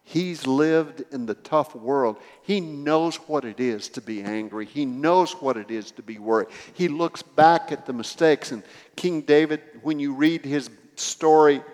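A man's voice: medium pitch, darkish tone, big-room sound. A man preaching a sermon, telling a story with acted dialogue and building to emphatic swells.

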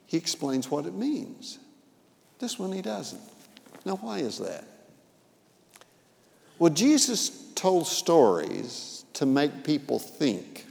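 A man preaching a sermon, retelling a parable with vivid acted-out quotes that swing between loud and soft. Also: medium pitch, creaky, in a large hall. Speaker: pastor. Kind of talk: sermon storytelling.

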